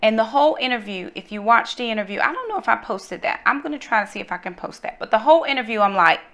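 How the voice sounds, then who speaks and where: A middle-aged woman from North Carolina, telling a personal story in a casual, animated way and calling her viewers y'all. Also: on the high side, fast. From North Carolina, USA. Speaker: vlogger, mother.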